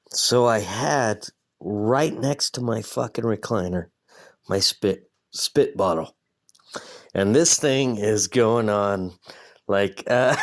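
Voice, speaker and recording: A man hosting a podcast alone, ranting casually in a profane, self-mocking way. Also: medium pitch. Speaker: podcast host. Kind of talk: casual rambling monologue.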